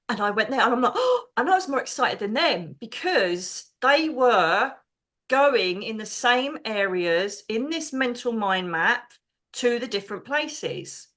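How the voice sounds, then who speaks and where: Woman, middle-aged, bright tone, excitable storyteller, chatty podcast guest. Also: medium pitch. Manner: excitable, chatty, acts out quoted voices. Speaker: podcast guest, psychic medium. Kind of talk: animated storytelling.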